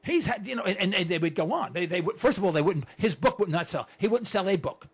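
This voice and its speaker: A man's voice: high voice, expressive, fast talker, breathy edge. A man in his sixties, a broadcaster talking to his listeners in a chatty monologue, telling stories and asking rhetorical questions with lots of repeated words. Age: 60s. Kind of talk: conversational monologue with anecdotes.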